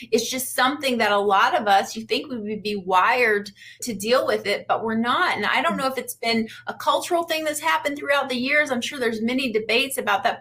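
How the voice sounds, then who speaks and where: A woman's voice: on the high side, a bit bright. A woman dating coach giving chatty, upbeat advice on a livestream, repeating points for emphasis.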